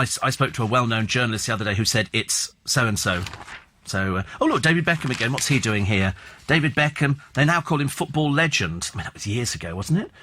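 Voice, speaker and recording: A man's voice: mid-range voice, bright, forceful tone, a little hiss or hum. A male radio presenter reviewing newspaper stories with scornful, sarcastic asides and mocking tag questions, in a studio.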